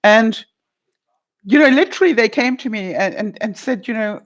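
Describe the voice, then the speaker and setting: A woman's voice: on the high side, expressive, moderate pace. A woman vlogger chatting casually to viewers and answering their comments, telling stories and laughing often.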